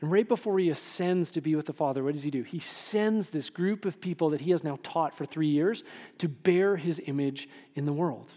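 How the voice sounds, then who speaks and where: A man pastor giving an animated sermon, often asking the room "right?" and acting out quotes. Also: fairly high pitch, normal speed. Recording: long hall reverb.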